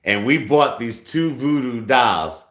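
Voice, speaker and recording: A man chatting casually on his vlog, telling an animated story full of swearing and bursts of shouting. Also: mid-range voice, takes it slowly, echoey room. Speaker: vlogger.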